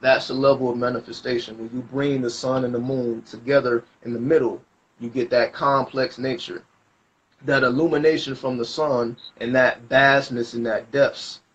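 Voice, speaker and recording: Man, mid-pitched, casual spiritual reader, rambling slangy delivery, dull lo-fi recording. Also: level tone, moderate pace. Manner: loose, rambling, slangy explanations. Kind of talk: casual spoken reading.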